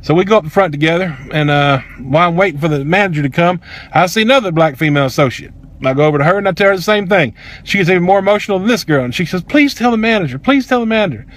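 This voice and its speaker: Fast-talking, heated man. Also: fairly high pitch, a bit bright. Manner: heated, profane, emphatic. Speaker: vlogger. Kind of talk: angry personal storytelling.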